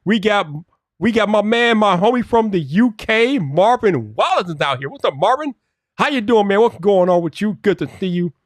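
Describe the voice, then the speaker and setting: A man's voice: high-pitched, lively intonation, moderate pace, dry recording, clean studio sound. Chatty man greeting his live chat. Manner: chatty, greets viewers by name, laughs often; mutters to himself while fixing software. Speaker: live stream host. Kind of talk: casual live stream chat.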